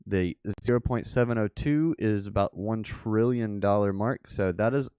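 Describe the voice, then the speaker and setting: Man, Memphis Southern accent, casual chart commentary, rambling excited asides, lowish voice, dry close sound. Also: moderate pace, smooth, dry recording. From Memphis, Tennessee. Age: adult father. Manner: rambling, thinks aloud with fillers and excited asides. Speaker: crypto streamer.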